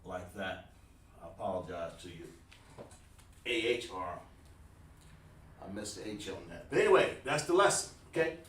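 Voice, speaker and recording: A man's voice: sits low, animated, normal speed, pauses often, fairly bright tone, slight background noise. Man teaching from a board, roomy sound. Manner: casual, informal, addresses viewers by name. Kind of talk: live-streamed language lesson at a board. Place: room with a writing board. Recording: roomy sound, mic far from the speaker.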